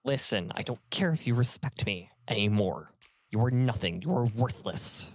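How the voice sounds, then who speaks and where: A man's voice: lowish voice, animated, moderate pace, no room sound. A man voicing a cowardly male vampire sire who stammers, bargains and pleads in a raised, panicky voice. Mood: spiteful.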